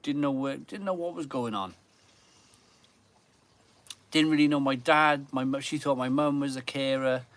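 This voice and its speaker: A man's voice: mid-range voice, normal speed, pauses often, a bit bright. A man hosting a beer channel live stream in casual chat from his garden, rambling and repeating phrases for emphasis. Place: home garden.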